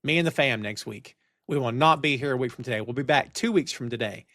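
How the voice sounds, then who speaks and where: Speaking quickly in a medium-pitched voice, a middle-aged podcast host rants animatedly about wrestling on his live talk show and reads chat comments aloud. He's on camera in his home studio, wearing headphones with a studio mic, and there's no echo.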